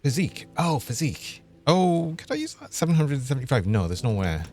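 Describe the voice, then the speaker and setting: A man's voice: medium pitch, big pitch swings, fairly quick, a little mellow, soft background music. A young man, chatting and laughing as he streams a game. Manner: chatty, laughs often, thinks aloud. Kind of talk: live gameplay commentary.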